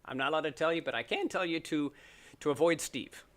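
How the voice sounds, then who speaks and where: A man's voice: a little high, quick pace, fairly bright tone. A middle-aged man from Canada, a podcast guest chatting casually, joking and laughing often as he tells stories. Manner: joking storyteller, laughs often, mimics voices. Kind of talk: casual chat.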